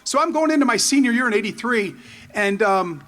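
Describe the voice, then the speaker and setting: A man in his fifties giving a rambling, excited tribute speech full of anecdotes and restarts. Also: extremely high pitch, a little fast. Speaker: former player giving a tribute. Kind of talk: storytelling speech at a memorial.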